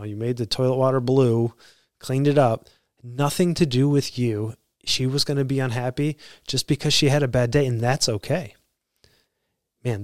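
A man's voice: medium pitch, no room sound. Earnest man musing on a podcast, dry sound. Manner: earnest, conversational, self-correcting. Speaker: podcast host. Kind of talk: reflective podcast monologue.

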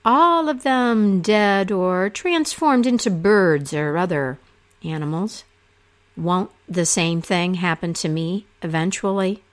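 A woman voicing a proud, blunt young male king in a told myth, speaking slowly and deliberately. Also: on the low side. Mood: defiant.

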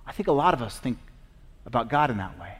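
A man teaching about faith in an earnest, emphatic way, slowing down to land his key lines. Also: medium pitch, sing-song. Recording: long reverb.

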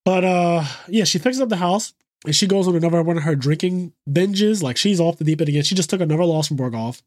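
A man's voice: on the high side, quick pace, a little mellow, no echo, studio quality. A man co-hosting a podcast, recapping a show in a loose, profane way and acting out the characters' lines. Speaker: podcast co-host.

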